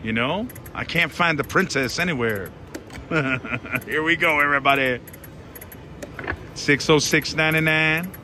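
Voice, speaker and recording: A man giving excited live commentary as he plays slots in a casino, pleading with the machine and making dramatic exclamations. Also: fairly high pitch, measured pace, long pauses, background noise. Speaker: slot machine vlogger. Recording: loud casino slot machine music behind. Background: slot machine music.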